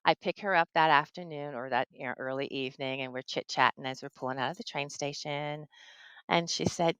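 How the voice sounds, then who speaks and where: A woman's voice: low-pitched, a little fast, a bit bright, smooth, dry recording, low-quality recording. A middle-aged woman from New Jersey, a tarot reader, telling a personal ghost story in casual conversation.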